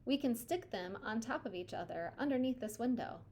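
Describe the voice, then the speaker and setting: A woman's voice: on the high side, lively intonation, brisk, a little mellow. A woman reading aloud, voicing a clever, upbeat boy leading his team in a children's novel. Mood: eager.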